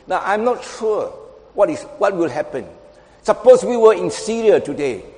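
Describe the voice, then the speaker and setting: A man preaching in a voice pitched a little high for a man, dropping to near murmurs and then rising sharply for emphasis. His lines carry a long reverb from a large hall. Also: very animated, normal speed. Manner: dramatic swings between soft and loud, quoting scripture. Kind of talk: sermon.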